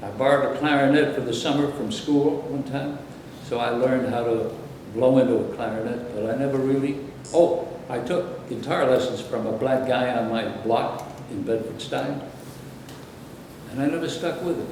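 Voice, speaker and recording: A man's voice: mid-range voice, normal speed, darkish tone, very echoey, far from the mic, slight background noise, low-quality recording. An older man from Brooklyn, New York, reminiscing in a rambling, anecdotal way during an interview. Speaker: interviewee, former radio announcer.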